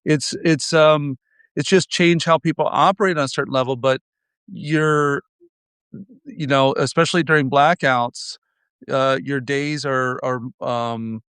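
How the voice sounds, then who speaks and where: A man's voice: mid-range voice, steady tone, measured pace, fairly bright tone, smooth, dry recording. A man hosting a podcast, talking in a wry, rambling way with frequent restarts. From United States. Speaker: podcast host. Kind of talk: casual podcast conversation.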